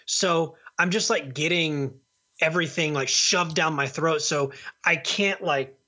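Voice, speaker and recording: Rambling man with a bright voice. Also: fairly high pitch, a little slow. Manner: rambling, with many restarts and repeated words. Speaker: podcast co-host reviewing movies. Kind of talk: casual chat.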